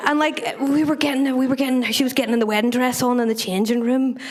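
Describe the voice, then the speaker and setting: A woman's voice: high voice, little pitch movement, fast talker. A young woman performing stand-up comedy on a club stage, chatty and self-mocking, swearing freely and laughing at her own lines.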